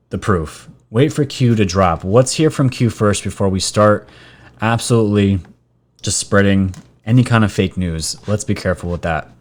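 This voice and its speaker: A man hosting a casual commentary vlog, chatty and excitable, talking straight to his viewers as "guys.". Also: on the low side. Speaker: vlog host.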